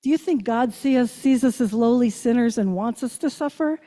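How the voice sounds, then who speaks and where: An older woman minister giving a reflective sermon, asking her listeners questions and slowing down on key phrases. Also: fairly high pitch, dark tone. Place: church sanctuary. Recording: long church reverb.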